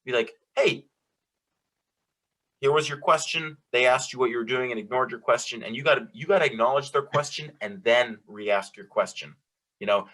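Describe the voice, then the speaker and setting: A man co-hosts a relaxed advice conversation, explaining his points earnestly and often jumping in to finish a thought. His voice is bright and forceful, with an ordinary middle pitch. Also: a little fast. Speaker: podcast co-host. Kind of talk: casual advice chat.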